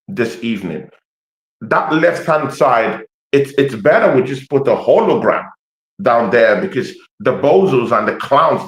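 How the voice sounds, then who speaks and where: A man's voice: medium pitch, a bit bright. Passionate African-accented man, echoey room. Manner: passionate, repetitive, hesitant with lots of fillers. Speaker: Arsenal fan pundit. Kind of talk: animated football podcast chat. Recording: roomy echo.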